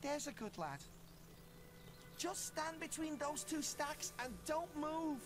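A woman's voice: high-pitched, takes it slowly. A woman voicing a chatty village trader in a video game, heard over game music. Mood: chummy.

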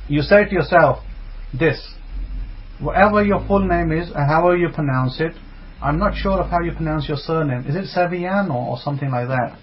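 A man from England, a rabbi giving a conversational religious teaching talk, repeating his points with emphasis. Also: on the high side. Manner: repetitive and emphatic, conversational asides. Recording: dull lo-fi recording.

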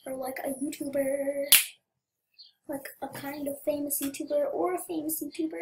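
A woman hosting a casual gaming video. She talks excitedly, chats to viewers and drops to whispers while she types. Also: high voice, moderate pace, background noise. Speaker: gaming channel host.

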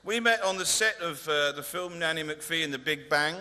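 A male comedian presenting an award at a ceremony in a large converted hall, delivering dry, deadpan, mock-pompous stand-up. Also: on the high side, moderate pace. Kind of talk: stand-up style presentation speech. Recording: reverberant hall with faint noise.

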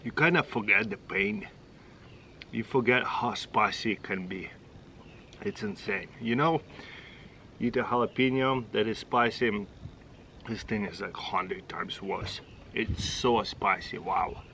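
A man's voice: fairly low pitch, a little slow, gravelly, long pauses, bright, forceful tone, a little hiss or hum, rough recording. A middle-aged man with a Russian accent, a native Russian speaker, hosting a casual taste-test vlog and chatting in short, exclaiming phrases. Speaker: channel host.

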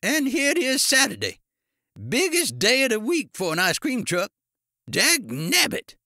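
A man voicing an old one-eyed ice cream man who yells furiously in a high, croaking voice. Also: wildly swooping pitch, very slow, no echo, studio quality, exaggerated voice. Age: older. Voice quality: croaking, high-pitched yelling.

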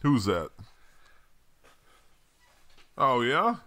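A man's voice: medium pitch, wildly swooping pitch, drawn-out words, pushed and bright, dry recording. A man playing a tabletop game, chatting casually and joking. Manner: joking, laughing. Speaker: player.

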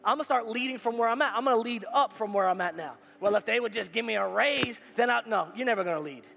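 High-voiced preaching man in echoey hall. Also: fast, gravelly, pushed and bright. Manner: emphatic, repetitive preaching with call-and-response. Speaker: pastor. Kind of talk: sermon. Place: church sanctuary. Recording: hall reverb with faint music.

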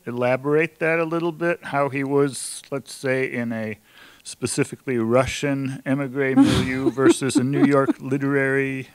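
A man in the audience asking a measured question and pausing to search for words. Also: mid-range voice, expressive, clear, resonant tone, dry recording.

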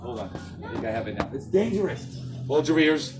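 A woman in a comic clown routine at a children's birthday party teases the kids playfully and laughs often, surrounded by a loud, shouting crowd of children. Her pitch is extremely low, her delivery sing-song and a little fast, with music underneath.

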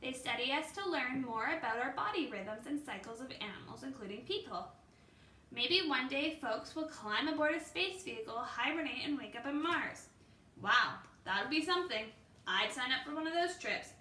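Bright-voiced woman reading a picture book. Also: high-pitched, animated, moderate pace, a little hiss or hum. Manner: storytelling, with small slips and ums. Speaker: teacher reading picture books aloud. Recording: echoey room.

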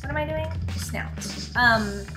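A woman with a high voice talking to her stream while she plays, slow and unhurried. She grumbles, jokes sarcastically and swears freely, with game music playing clearly behind her. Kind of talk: casual live-stream chat while gaming.

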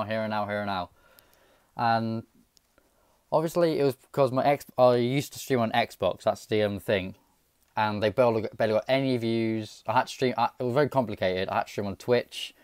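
A man with an English accent hosting a casual reaction video, excitable and self-mocking with quick jokes. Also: on the low side, no echo, studio quality. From England. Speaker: YouTube gaming channel host.

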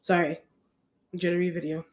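A woman's voice: fairly low pitch, little pitch movement, normal speed. A woman reading tarot cards for an audience, talking in a rambling way with many restarts and repeated phrases. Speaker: tarot reader.

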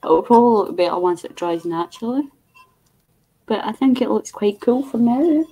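A woman's voice: on the high side, lively intonation, moderate pace, mellow, breathy edge, rough recording. A woman, guesting on a craft livestream and chatting casually in a rambling way with lots of fillers.

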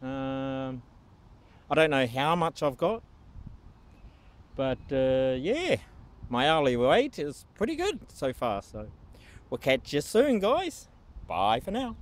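A man's voice: mid-range voice, big pitch swings, slow pace, long pauses. A man with a New Zealand accent, vlogging in a casual, jokey, upbeat way while metal detecting in a park. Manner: chatty, jokey, upbeat, self-mocking. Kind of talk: casual vlog talk to camera. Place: outdoors in a windy park. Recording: noisy outdoor wind.

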